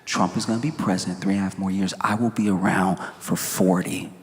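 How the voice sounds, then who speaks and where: A man voicing a cold, threatening male tech billionaire in a low, flat, menacing delivery. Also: normal speed. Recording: roomy hall with audible ambience.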